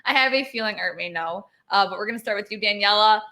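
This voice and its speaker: A woman's voice: medium pitch, quick pace, pushed and bright. A woman hosting a panel chat in an upbeat way, laughing and moving the talk along. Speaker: host.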